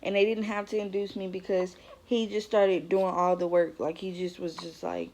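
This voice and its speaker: A woman's voice: mid-range voice, little pitch movement, moderate pace, hardly any pauses, a little mellow. A young woman, telling her own story to the camera in a chatty vlog, with lots of fillers and asides to viewers. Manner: chatty, many fillers, talks straight to viewers. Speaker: vlogger.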